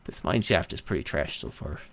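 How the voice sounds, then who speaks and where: Low gravelly man with dry teasing. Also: sing-song, a little fast, noisy background. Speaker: co-player. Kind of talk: casual gaming chat.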